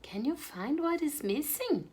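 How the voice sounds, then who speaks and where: A young woman teaching English to small children online in a slow, sing-song, animated way. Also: high voice. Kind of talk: online kids' English lesson.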